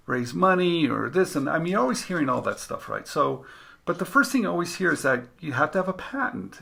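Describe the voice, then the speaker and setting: A man's voice: mid-range voice, creaky, bright, forceful tone. A man hosting a casual interview, telling stories animatedly and acting out the dialogue he quotes. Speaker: host and interviewer.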